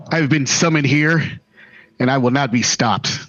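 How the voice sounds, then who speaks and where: A man's voice: medium pitch, slow, a bit bright, lo-fi sound, pitched above the performer's own voice. A man playing an imperious, indignant noblewoman mage in a tabletop game. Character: proud haughty noblewoman mage, disheveled and fierce.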